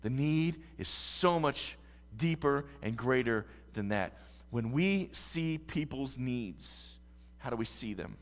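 A man's voice: medium pitch, animated, takes it slowly, in a large hall. A man preaching a sermon as pastor, earnest and emphatic.

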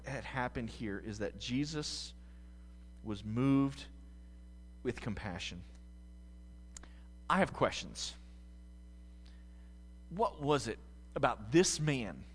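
A man from the United States preaching a sermon as pastor, swinging from quiet musing to loud, fervent passages. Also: mid-range voice, big-room sound.

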